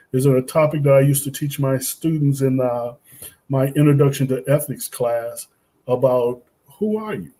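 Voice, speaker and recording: A man's voice: medium pitch, mellow. A man in his sixties hosting a reflective podcast, a former ethics teacher who asks rhetorical questions and acts out his classroom exchanges. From United States. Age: 60s.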